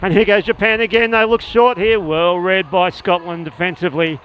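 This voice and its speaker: Guy with a high voice calling the game fast, gets worked up on scores, bit of outdoor noise behind. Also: poor audio. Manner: rapid play-by-play, excitable on scores. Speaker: play-by-play commentator. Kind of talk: live sports commentary. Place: outdoor sports venue.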